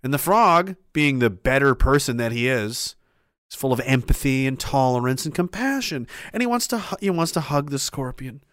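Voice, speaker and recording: A man's voice: medium pitch, animated, moderate pace, fairly bright tone, no echo, clean studio sound. A man delivering a heated, profane opinion rant, emphatic and rambling, with restarts and asides.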